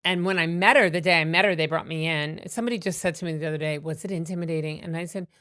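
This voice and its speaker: A woman comedian telling animated stories with many fillers and restarts in a podcast interview. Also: low-pitched, rapid-fire, no room sound, studio quality. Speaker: comedian guest.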